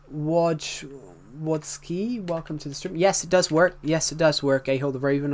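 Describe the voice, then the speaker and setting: A man's voice: on the high side, darkish tone. A man chatting casually on a live stream, greeting viewers and rambling as he reacts to the chat in front of a desktop mic.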